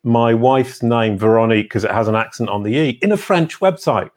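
A man from England, hosting a casual interview in an animated manner, his pitch jumping when he stresses a point. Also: fairly quick. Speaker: podcast host.

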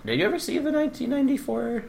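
A man co-hosting a comedy podcast, tossing in quick wry one-liners during casual chat. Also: extremely high pitch, sing-song, gravelly, a little mellow. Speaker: podcast co-host.

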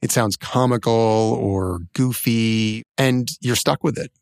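A man's voice: medium pitch, vocal fry, no echo. Man, middle-aged, podcast co-host, wry, casual chat, dry close mic. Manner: wry, joking, speeds up and slows down.

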